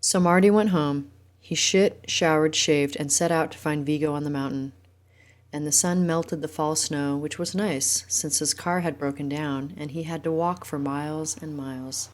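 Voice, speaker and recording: A woman narrating a film in a deadpan way. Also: sits low, normal speed.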